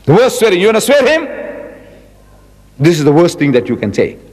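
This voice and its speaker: A man's voice: high-pitched, wildly swooping pitch, darkish tone, husky. Emphatic man in his seventies, echoing hall. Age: 70s. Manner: emphatic, repeats key words, drawls quotations slowly. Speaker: religious lecturer. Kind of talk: public lecture.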